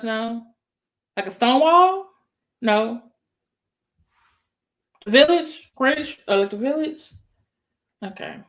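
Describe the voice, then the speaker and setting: A woman commentating on a live stream, talking casually and directly to her viewers. Her voice sits high and swings widely, climbing even higher when she gets worked up. She exclaims often and keeps the tone excitable. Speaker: YouTube commentator.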